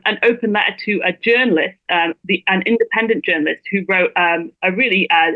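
A woman being interviewed as a guest, making her points in a fluent, measured way. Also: fairly low pitch, no room sound. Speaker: guest blogger. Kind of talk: interview over a phone line. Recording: tinny dry phone line.

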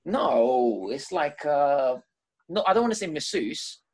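Male co-host, fairly high and husky, stop-start casual talk. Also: big pitch swings, a little slow, darkish tone. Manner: hesitant, searching for words. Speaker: podcast co-host. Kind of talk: casual banter.

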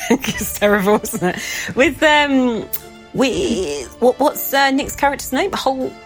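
A woman's voice: high-pitched, expressive, slow, soft background music. A woman playing a tabletop game, chatting in a giggly, scattered way as she hunts for a character voice. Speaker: player. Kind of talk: casual game chat.

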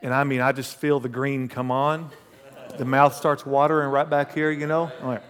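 A man's voice: medium pitch, normal speed. Man preaching, hall reverb. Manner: animated storyteller, swings between loud bursts and hushed asides. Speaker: pastor. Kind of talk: sermon with personal storytelling.

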